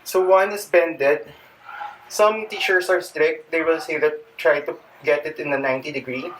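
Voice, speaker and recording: With a slightly high voice, fairly even intonation and a moderate pace, a Filipino-accented fitness vlogger demonstrates yoga stretches. He keeps up a chatty, joking patter while a bit out of breath. It's captured on a distant mic with faint background noise.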